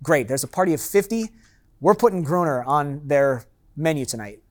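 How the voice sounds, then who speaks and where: A man's voice: fairly high pitch, expressive, normal speed. Chatty man leading a wine seminar. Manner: conversational, acts out customers' lines; loose and chatty with fillers and asides. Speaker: master sommelier giving a seminar. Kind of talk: seminar talk to a live audience.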